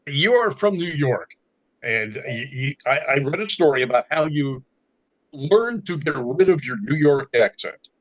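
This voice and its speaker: A man's voice: fairly high pitch, expressive, a little slow, low-quality recording. A man co-hosting a podcast, friendly and prompting the guest with questions. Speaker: podcast co-host. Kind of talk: casual podcast chat.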